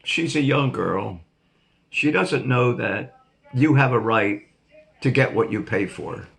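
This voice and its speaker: A man's voice: mid-range voice, expressive, slow, creaky, a bit bright, faint music behind. An older man hosting his own vlog, telling a rambling, jokey story to his viewers and laughing at himself. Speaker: vlog host.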